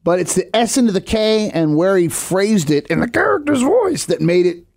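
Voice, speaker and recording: A man co-hosting a casual podcast, tossing in quick jokey asides. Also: high voice, sing-song, darkish tone, no room sound, studio quality. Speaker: podcast co-host.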